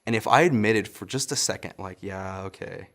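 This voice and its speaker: A man's voice: lowish voice, fairly quick, fairly bright tone. A young adult man, a pastor, telling a personal story in a casual sermon and often chuckling as he goes.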